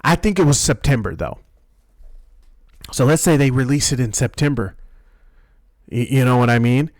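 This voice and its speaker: A young man ranting casually about a video game, profane and excitable, rambling and restarting his sentences. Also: medium pitch, moderate pace, no echo. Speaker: gaming video host.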